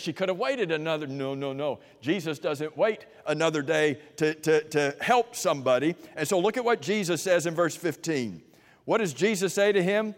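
A man preaching a sermon in an animated way, swinging from emphatic peaks to quiet asides, in a church sanctuary. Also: a little high, long reverb tail.

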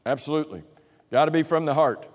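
A man's voice: fairly high pitch, fast. A man leads a Bible class, firing questions at the group and echoing their answers back. His talk is conversational and full of restarts. A long hall reverb trails each phrase. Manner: conversational, with frequent restarts and fillers. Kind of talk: interactive Bible class teaching.

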